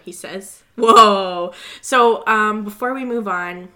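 A young woman co-hosting a casual recap podcast, chatty and quick, laughing along with her friend. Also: mid-range voice, sharp tone. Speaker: podcast co-host.

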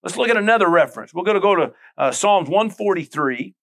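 A man's voice: sits high, lively intonation, fast, gravelly, a bit bright. A man preaching a sermon as pastor, reading scripture and adding frequent amens.

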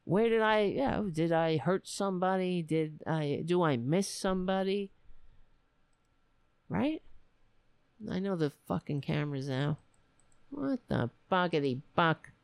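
A woman's voice: fairly low pitch, lively intonation, a little slow, gravelly, long pauses, darkish tone, clean tone, dry recording. A woman hosting a podcast, talking in a blunt, profane, rambling way in casual commentary. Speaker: podcast host. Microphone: webcam setup.

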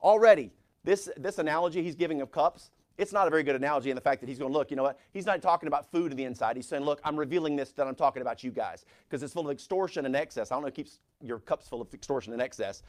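Middle-aged male pastor with a slightly high voice, preaching with animated force. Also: very fast. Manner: animated preaching, reads scripture aloud with rising force. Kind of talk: sermon.

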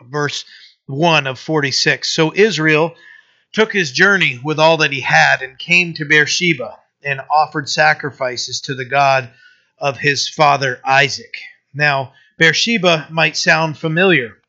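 A man preaching a sermon, telling a story in a halting way with many restarts, then growing emphatic. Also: fairly high pitch, bright, forceful tone. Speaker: pastor. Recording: dull lo-fi sermon recording.

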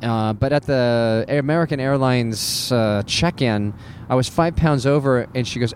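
A man who works as a cruise ship entertainer tells a comic story in a sarcastic rant, breaking into high, incredulous squeaks. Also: measured pace, a little hiss or hum.

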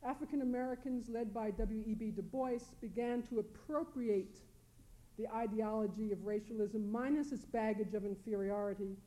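A woman on a panel reading a prepared academic talk, measured and deliberate, leaning on key words for emphasis. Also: a little high, mellow, poor audio. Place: lecture hall panel.

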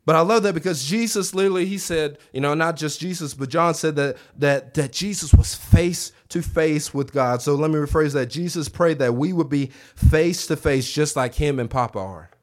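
A man preaching a revival sermon in a church, animated, acting out quoted voices and calling on the congregation to answer back. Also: a little high, brisk, few pauses. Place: church sanctuary.

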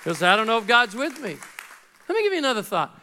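A man's voice: extremely high pitch, big pitch swings, fast, bright, forceful tone, a faint crowd, slight background noise. A middle-aged man preaching a sermon as pastor, talking conversationally and acting out little dialogues.

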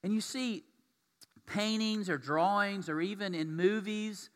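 A pastor with a high-pitched voice delivers his sermon at an unhurried pace, speaking conversationally and asking his congregation questions. The recording carries the long reverb of a large hall.

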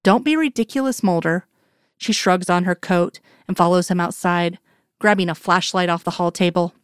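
A woman reading a story aloud in an even, measured narration. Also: on the low side, clean tone, no room sound, studio quality. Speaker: reader. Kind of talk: storytelling narration of fan fiction.

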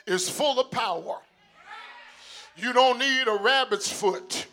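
A man's voice: very high voice, takes it slowly, long pauses, pushed and bright, soft background music. An older male pastor preaching in an old-school hollering style, calling on the congregation to answer back. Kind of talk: sermon.

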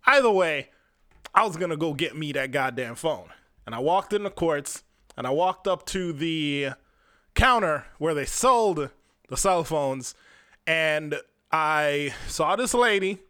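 A man's voice: fairly high pitch, lively intonation, measured pace, sharp tone, no room sound, studio quality. A young Jamaican man hosting a podcast, telling a personal story in a casual, rambling, profane way and speaking straight to his listeners. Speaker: podcast host.

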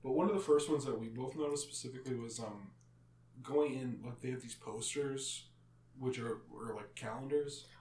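A man's voice: medium pitch, normal speed, darkish tone. Hesitant man, echoey and off-mic. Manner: hesitant, searching for words. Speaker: podcast co-host. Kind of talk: casual chat. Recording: echoey room, mic at a distance.

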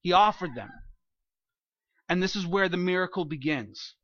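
A male pastor delivers a sermon in a high, bright voice. He is animated, firing off rhetorical questions and briefly acting out the people he quotes. The sound is dull and dry. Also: moderate pace, dry recording.

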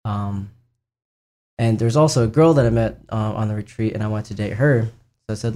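A man's voice: lowish voice, fairly even intonation, moderate pace, warm tone. A young man sharing a personal faith testimony in a casual, earnest way, with frequent fillers and restarts. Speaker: speaker sharing his faith and vocation story.

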